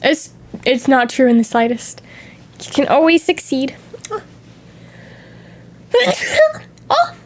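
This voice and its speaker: A woman's voice: sits high, moderate pace, a little hiss or hum. A young woman streamer talking in a casual, candid chat, drifting from one tangent to the next, a little sniffly from allergies.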